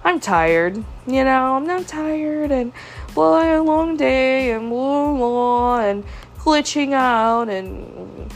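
A woman's voice: medium pitch, moderate pace, soft background music, natural voice. A woman quoting a tired young man who rambles out a pleading apology.

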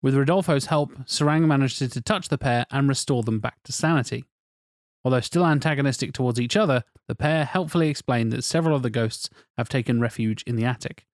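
Man, podcast co-host, quick quips, medium pitch, dry sound. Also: no room sound. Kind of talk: casual chat, reading out a film pitch.

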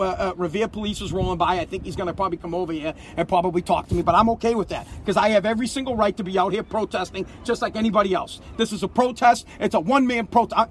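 A man's voice: sits high, slightly rough. A middle-aged man angrily ranting into his phone outdoors outside a store, repeating himself and hammering each point. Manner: heated, repetitive, emphatic ranting. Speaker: vlogger protesting outside a store. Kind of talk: angry ranting vlog.

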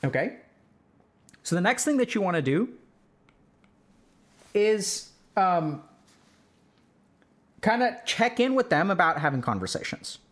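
A man's voice: sits high, sing-song, a little slow, long pauses, a bit bright. A man explaining relationship advice in a casual, conversational way, full of "like" and "right?" check-ins. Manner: breaks into role-played example dialogue. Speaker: podcast host giving relationship advice.

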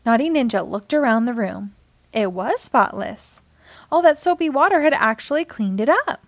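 A woman hosting storytime, reading a children's book aloud with expressive storytelling. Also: fairly high pitch, normal speed, no echo. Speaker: storytime host.

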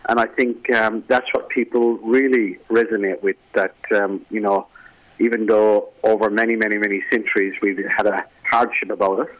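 A man's voice: lowish voice, fairly even intonation, moderate pace, fairly bright tone, poor audio. Lilting Irish man on the radio. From Ireland. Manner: lilting, storytelling, jokey. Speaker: radio guest. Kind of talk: casual radio chat. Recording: radio broadcast.

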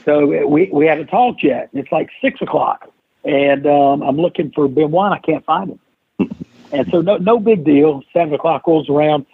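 Husky-voiced man telling a story over a tinny line. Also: fairly high pitch, moderate pace, no room sound. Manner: animated storyteller who acts out quoted lines. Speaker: podcast guest. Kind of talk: storytelling interview chat. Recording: dry, tinny phone-like line.

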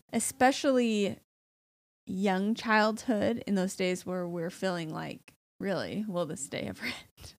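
A woman in her thirties chats casually as a podcast co-host. She talks with plenty of fillers and laughs often, in a mid-range voice. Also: mid-range voice. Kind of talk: casual chat.

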